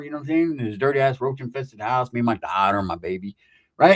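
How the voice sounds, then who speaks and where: A man's voice: medium pitch, sing-song, fast talker. A man from California telling a crude, rambling story full of slang and asides. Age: adult. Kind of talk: casual comic storytelling.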